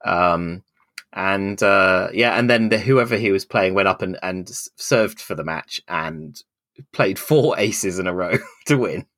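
His voice sits low and moves at a measured pace, free of echo. The forty-something co-host tells a lengthy anecdote on a casual podcast with dry humor, performing quoted lines loudly.

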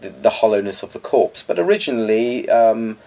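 Gravelly, pedantic man. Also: lowish voice, animated, normal speed, mellow. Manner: pedantic, opinionated, articulate. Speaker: podcast co-host. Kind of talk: casual chat.

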